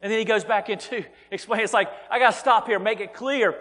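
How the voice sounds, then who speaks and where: A man delivers a sermon in an earnest, driving way, often doubling his words as he pushes a point and calling his listeners folks. His voice sits high for a man. The sound rings with the long reverb of a church sanctuary. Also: steady tone, a little fast, few pauses, fairly bright tone. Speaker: pastor.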